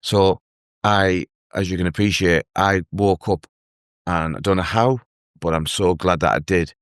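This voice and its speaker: An earnest man telling his own story as a guest in an interview, halting and restarting as he speaks. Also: low voice, fairly even intonation, clean tone, no echo, studio quality. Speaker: guest, mental health advocate. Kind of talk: emotional personal story in an interview.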